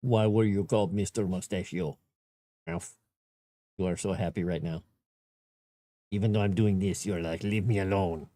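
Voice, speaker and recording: A man's voice: low voice, fairly even intonation, moderate pace, pauses often, mellow. A man, an author, chatting casually with his viewers on a live stream and cooing at his cat between thoughts.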